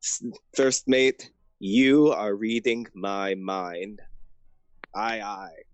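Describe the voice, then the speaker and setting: A man's voice: lowish voice, fairly even intonation, very slow, smooth, no room sound. A man playing a pirate captain in a tabletop game, theatrical at times. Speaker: player.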